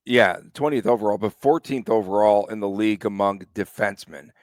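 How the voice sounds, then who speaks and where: A man's voice: lowish voice, brisk, no echo. A man hosting a sports podcast in casual chat, conversational and asking his co-host questions.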